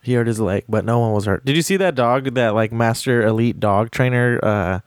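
A man's voice: medium pitch, a little fast, no echo, studio quality. A young man co-hosting a podcast in a laid-back, crude, jokey way. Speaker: podcast co-host. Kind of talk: casual chat.

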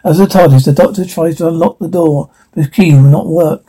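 A man's voice: fairly high pitch, steady tone, brisk, dark tone, breathy edge. A man giving scripted narration, plainly describing the action between scenes.

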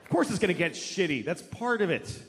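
A man's voice: sits high, animated, fairly quick. A man doing stand-up comedy on a large stage, ranting in a profane, exasperated way. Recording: long hall reverb, faint noise.

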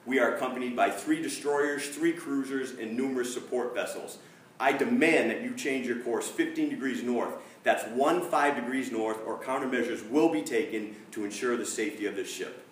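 A man voicing a blustering navy captain who loudly demands that another ship change course. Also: medium pitch, normal speed, slight background noise, lightly acted. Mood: demanding. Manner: loud, insistent, commanding. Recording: echoey room, distant mic.

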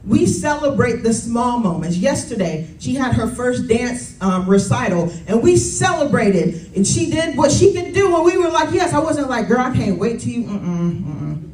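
A woman's voice: a little high, very animated, measured pace, a little mellow. A woman in her thirties preaching a sermon in a conversational way, often calling out to the congregation. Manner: conversational, calls to congregation with "y'all" and "Amen". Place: church. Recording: roomy sound from a distance.

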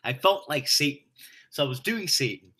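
Bright-voiced man telling a lively story. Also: fairly high pitch, moderate pace, slightly rough. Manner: profane, laughing, energetic storyteller. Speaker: stage actor, guest. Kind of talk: casual storytelling in a conversation.

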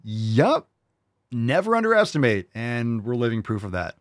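Animated, profane male podcast host. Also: medium pitch, moderate pace, dry recording, studio quality. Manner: profane, emphatic, ranting. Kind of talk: casual opinion rant.

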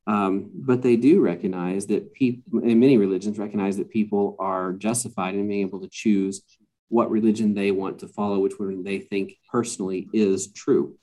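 A man's voice: on the low side, fairly even intonation, moderate pace, warm tone. A man talking as a podcast guest in a casual conversation, hesitant and full of fillers and restarts.

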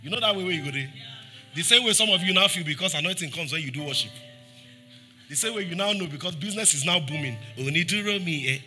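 A man's voice: lively intonation, fast talker, faint music behind. A Nigerian man preaching a sermon as pastor, throwing rhetorical questions at the congregation and acting out scripture quotes. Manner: acts out scripture quotes, dropping soft and low for pleading lines.

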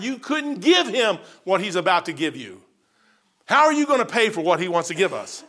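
High, bright-voiced preacher man. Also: big pitch swings, moderate pace. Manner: swings between loud and soft delivery. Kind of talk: sermon.

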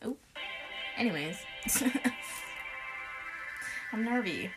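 A woman's voice: medium pitch, lively intonation, very slow, over music. A young woman chatting casually and playfully during a guessing game, giggling often. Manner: giggly, playful, reads prompts aloud. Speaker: co-host playing a guessing game. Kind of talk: casual chat.

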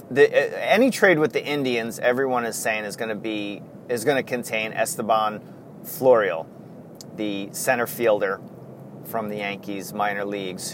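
A man's voice: mid-range voice, slight background noise. A man hosting a casual solo podcast, rambling, wandering off on tangents and chuckling often. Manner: chuckles often, many fillers. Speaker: podcast host.

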